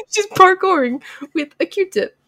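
A young woman co-hosts a podcast in a playful, casual chat and laughs easily. Her voice is high. The sound is close and dry. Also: fairly bright tone, dry recording. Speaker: podcast co-host.

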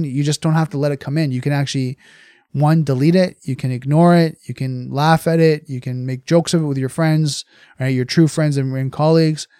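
An earnest man talks casually to his viewers about handling criticism, circling back and restarting phrases as he goes. His voice sits at a mid pitch and is recorded close and dry, with no room sound. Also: a little mellow, no echo. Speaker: cybersecurity content creator. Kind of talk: casual motivational talk to camera.

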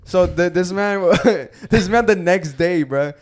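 A man's voice: high-pitched, slow pace. Profane young man telling stories. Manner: profane, animated storyteller, says "bro" a lot. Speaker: podcast co-host. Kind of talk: casual storytelling chat.

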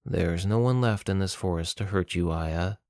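A man's voice: deep voice, moderate pace, darkish tone, no echo, clean studio sound. A man reading as a grim, defiant young hero. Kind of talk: audiobook narration.

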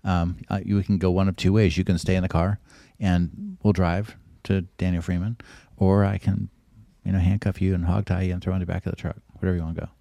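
A man's voice: low voice, level tone, brisk, gravelly, warm tone, no echo. A middle-aged man, a podcast guest, telling rambling anecdotes in a casual way and acting out the voices of people he quotes.

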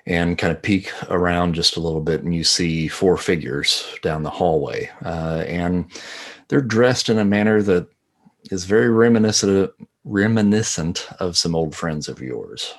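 A man narrating as game master, calmly describing scenes to the players. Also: low voice, measured pace.

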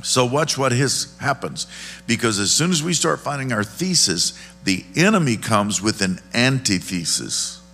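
A man's voice: medium pitch, very animated, a little slow, sharp tone, faint music behind. A man preaching a conversational, folksy sermon, often checking in with the congregation. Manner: folksy, asks the congregation questions. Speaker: pastor.

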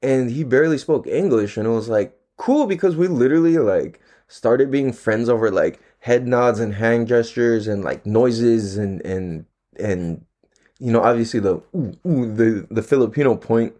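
A young man rambling casually to camera from home, his everyday mid-pitched voice relaxed and loose. He leans on slang, swears freely and laughs often as he talks. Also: moderate pace. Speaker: solo podcast host.

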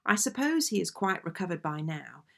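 Woman, low voice, gravelly fry, measured genteel reading of old letters. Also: sing-song, bright, forceful tone. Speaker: audiobook reader.

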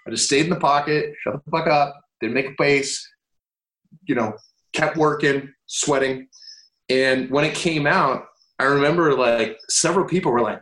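A man's voice: a little high, normal speed, a bit bright, roomy sound, poor audio. A man, an actor and guest, talking in a rambling, candid, self-deprecating way with casual swearing.

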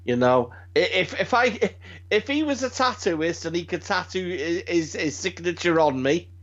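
High-voiced British man, rambling chat. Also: normal speed. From Britain. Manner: rambling, animated, swears freely, frequent restarts. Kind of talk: casual chat. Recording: dull lo-fi sound.

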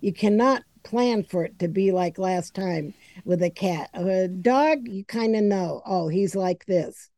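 A woman's voice: mid-range voice, a little slow, few pauses, dark tone, dry recording. A woman co-hosting a podcast about pet grooming, talking frankly and casually. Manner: frank, conversational, laughs. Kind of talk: casual chat.

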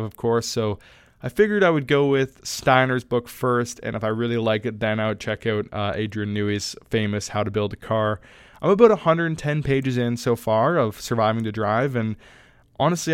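A man's voice: fairly low pitch, clear, resonant tone, no echo. A young man hosting a solo podcast, talking casually and rambling with plenty of fillers and restarts. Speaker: podcast host.

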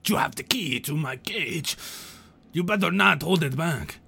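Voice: mid-range voice, animated, a little slow, gravelly, sharp tone, slightly rough, pitched above the performer's own voice, full character voice. A game master voicing an impatient little male faerie knight held in a cage, curt and threatening. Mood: demanding.

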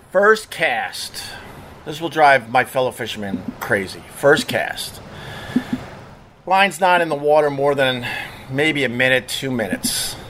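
A man's voice: fairly high pitch, fairly bright tone, slight background noise. A middle-aged man, a former radio DJ, telling casual stories in a rambling, profane way, full of fillers and restarts. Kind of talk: casual storytelling monologue.

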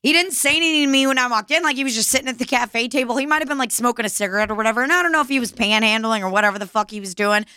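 A young woman telling a story in casual chat, animated and laughing, swearing freely. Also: fairly high pitch, rapid-fire, few pauses, clear, resonant tone, dry recording, clean studio sound.

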